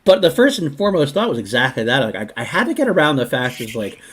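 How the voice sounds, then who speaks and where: A man hosting a casual podcast chat, talking in an animated, rambling way with many restarts. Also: medium pitch, quick pace, husky. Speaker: podcast host.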